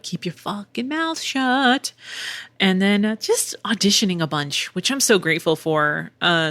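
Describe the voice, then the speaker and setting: A woman's voice: sits low, fairly bright tone, dry recording. A middle-aged woman hosting a casual solo podcast, chatty and candid, swearing freely with wry asides. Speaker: podcast host and voice actor.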